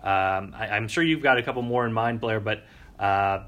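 A man's voice: fairly low pitch, moderate pace, a bit bright, dull audio. A man co-hosting a sports podcast, giving casual analysis in a conversational way and often restarting his phrases.

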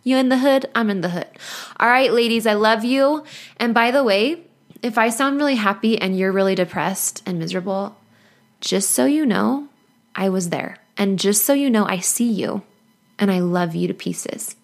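A woman's voice: medium pitch, normal speed, gravelly. Woman, 30s, life coach podcast host; earnest, encouraging, playful asides. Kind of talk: motivational podcast monologue.

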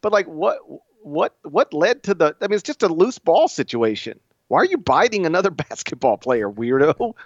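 A man in his thirties co-hosting a sports podcast, bantering in animated, laughing casual chat. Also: on the high side, normal speed, hardly any pauses, no room sound. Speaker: podcast co-host. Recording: dull, lo-fi sound.

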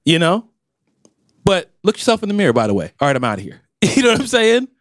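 Podcast guy, high-ish voice that jumps all over, acts out little quotes, dry mic. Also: huge pitch swings, quick pace, dry recording. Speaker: podcast co-host. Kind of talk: casual podcast chat.

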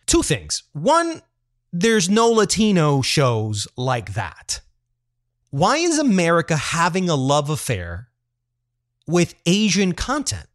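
A man's voice: on the high side, dry recording, studio quality. A man co-hosting a podcast in casual chat, blunt and profane, firing off rhetorical questions. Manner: animated, blunt, swears, fires off rhetorical questions. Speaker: podcast co-host.

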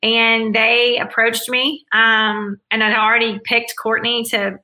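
A woman's voice: a little high, level tone, slow pace, pushed and bright, poor audio. A woman speaking as an interview guest, answering in an earnest, upbeat way with frequent restarts.

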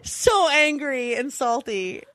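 High, lively-voiced woman telling a story. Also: slow. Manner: animated, laughing, swearing freely. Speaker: storyteller, mother. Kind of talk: casual chat.

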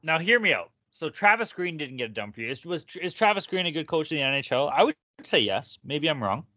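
A man hosting a sports podcast, hyped and teasing, with a higher voice that swings widely. The sound is dry and dull, with a lo-fi quality. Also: sing-song, brisk, pushed and bright, dry recording. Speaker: podcast host. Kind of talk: casual sports chat.

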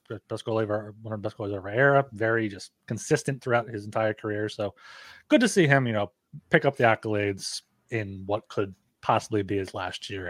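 A man co-hosting a hockey betting podcast, talking in a relaxed, easygoing way. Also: fairly low pitch, no room sound. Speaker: podcast co-host. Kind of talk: casual sports betting podcast chat.

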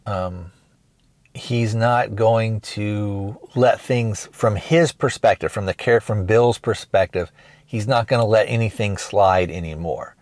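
Man, podcast host, low voice, casual rambling film recap, dry close mic. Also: a little mellow, dry recording. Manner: rambling, retells scenes with quick acted quotes.

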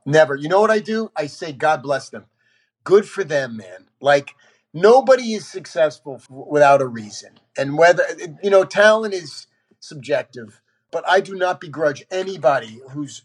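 Blunt, husky-voiced man telling stories. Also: fairly high pitch, moderate pace. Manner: blunt, animated storyteller who swears casually. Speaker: actor guest. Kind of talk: candid podcast conversation.

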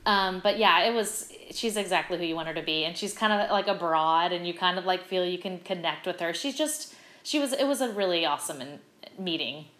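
Chatty actress in a roomy space. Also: female voice, fairly low pitch, brisk. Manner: animated, chatty, lots of fillers. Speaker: guest, stage actress. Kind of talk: casual interview storytelling. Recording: roomy echo.

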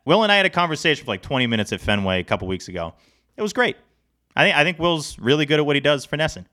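A man co-hosting a sports podcast, talking in a casual, animated, rambling way. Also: mid-range voice, clear, resonant tone. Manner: animated, rambling, self-deprecating. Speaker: podcast co-host.

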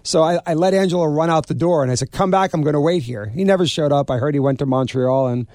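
A man, an author and restaurateur telling stories in an interview, animated and stumbling over repeated words. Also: on the high side, quick pace, no room sound, studio quality. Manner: animated storyteller, acts out quoted people, repeats words. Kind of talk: storytelling interview.

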